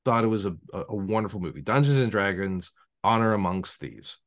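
A man co-hosts a relaxed podcast, telling stories with a low voice that jumps up and down with every turn. He trips over his words, restarts and laughs as he goes. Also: a little fast. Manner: animated storyteller, stammers and restarts, laughs often. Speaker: podcast co-host. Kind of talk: casual chat.

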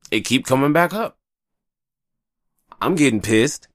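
A married man hosting his own podcast, talking casually and profanely in a rambling monologue, often jumping into exaggerated high voices. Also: measured pace, dry recording, studio quality. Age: adult, married with kids. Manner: rambling, profane, animated, jumps into high-pitched quoted voices. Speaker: podcast host.

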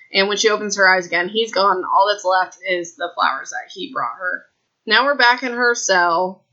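Woman podcast host, bright, chatty, excitable, casual book recap, dull lo-fi sound. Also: medium pitch. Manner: chatty and excitable, with lots of "like" and asides to listeners.

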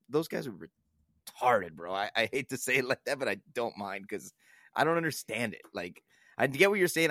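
A young man talking loosely on a podcast, drifting from point to point with plenty of swearing and quick laughs. His pitch sits in the middle and the sound is dry and close, with almost no room in it. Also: a bit bright, no echo. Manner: rambling, profane, laughs at his own stories. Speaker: podcast co-host. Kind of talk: casual podcast chat.

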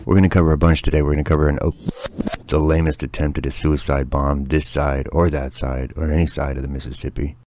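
A man's voice: a bass voice, little pitch movement, fast, background noise. A man hosting a comedy podcast, talking in a crude, sarcastic, ranting way. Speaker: podcast host.

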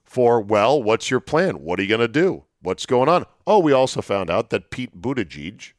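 A man hosting a talk show, telling stories in a chatty, wry way, his voice going hoarse. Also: mid-range voice, sing-song, normal speed, dry recording, studio quality. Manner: chatty, storytelling, wry asides. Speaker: sports radio host. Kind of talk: solo monologue, casual chat.

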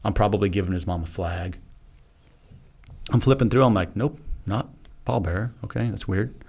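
Low-voiced man telling a frank personal story. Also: moderate pace, a little mellow, husky. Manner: earnest, frank, acts out his own past remarks. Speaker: podcast guest, retired Navy SEAL. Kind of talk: casual conversational storytelling.

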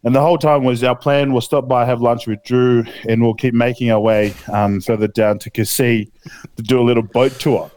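A young Australian podcast co-host tells a long, laid-back story in casual chat, swearing heavily and leaning on lots of fillers. His mid-range voice is steady and a little mellow, with a clear, resonant tone at normal speed, recorded dry.

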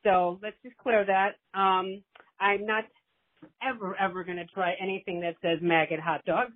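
A woman's voice: mid-range voice, fairly even intonation, normal speed. A woman leaving a long, affectionate, rambling voicemail for the host. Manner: gushing and rambling, motherly. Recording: tinny phone voicemail.

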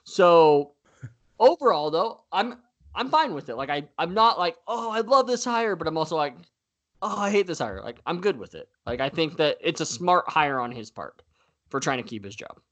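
A man co-hosting a casual sports podcast, talking in an animated way with frequent fillers and easy laughter. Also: fairly high pitch, moderate pace. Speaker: podcast co-host.

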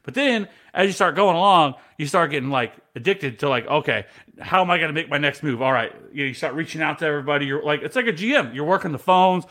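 A man chatting on a fantasy football podcast, with a bright, forceful voice that sits a little high for a man. He swears freely and tells his stories with animated energy. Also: fast talker, few pauses. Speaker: podcast co-host. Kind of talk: casual podcast chat.

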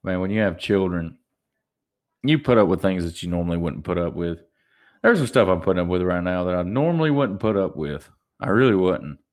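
Lively low-voiced man ranting solo. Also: a little fast. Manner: animated, mocking, jumps into high put-on voices. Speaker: podcast host. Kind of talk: solo podcast rant.

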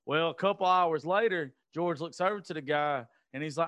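A man tells loose, rambling stories, swearing as he goes. His voice sits a touch high. The sound is dry and close. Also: fairly quick, few pauses, fairly bright tone, dry recording. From US South. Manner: rambling storyteller, swears freely. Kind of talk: casual chat.

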